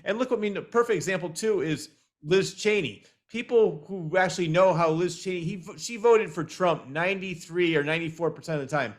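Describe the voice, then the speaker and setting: Man host, slightly high voice, agreeable, chatty interview. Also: a little fast. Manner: agreeable, backchannels often. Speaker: podcast host. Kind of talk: casual interview chat.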